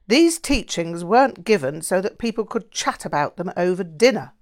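A woman's voice: lowish voice, very animated, moderate pace. A woman reading the lines of a stern nun who scolds curtly, in an audiobook. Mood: snappish. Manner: curt, scolding. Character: stern Buddhist nun, sharp and disapproving.

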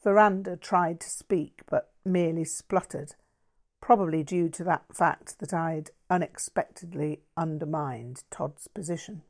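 A woman narrating a first-person memoir aloud in a dry, wry, measured way. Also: low-pitched. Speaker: audiobook reader.

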